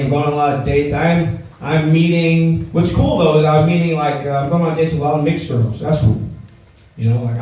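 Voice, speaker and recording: A young man doing a stand-up comedy set, chatting loosely and joking with the audience. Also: on the high side. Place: event venue before a live audience. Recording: echoey room from far off, loud crowd.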